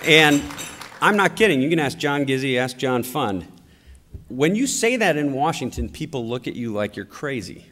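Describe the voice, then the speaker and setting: A middle-aged man giving a storytelling political speech at a conference, with an animated, anecdotal delivery. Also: medium pitch, normal speed, a little hiss or hum. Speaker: conference speaker. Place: large conference hall. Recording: long hall reverb.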